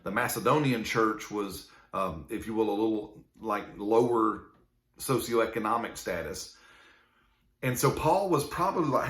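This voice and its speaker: A man's voice: fairly low pitch, lively intonation, unhurried, a bit bright. Conversational male minister in an echoey room. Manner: conversational, reads scripture aloud, frequent "right?" asides. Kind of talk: casual Bible teaching. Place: indoor room filmed on a camera.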